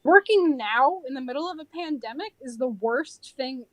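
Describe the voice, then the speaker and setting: A young woman co-hosting a podcast in casual chat, telling work stories in an animated way and acting out the people in them. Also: sits high, normal speed, a crowd in the background. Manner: animated storytelling, acts out quoted people. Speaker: podcast co-host.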